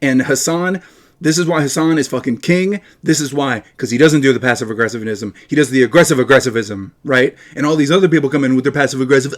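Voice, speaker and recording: A man's voice: medium pitch, fast. A man ranting profanely and mocking his opponent in a heated livestream argument. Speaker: livestream guest.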